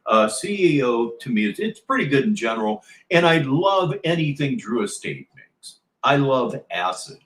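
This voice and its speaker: A man's voice: mid-range voice, sing-song, normal speed, few pauses, a bit bright, echoey room. A man hosting a livestream, chatting casually and sarcastically, rambling between played clips. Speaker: livestream host.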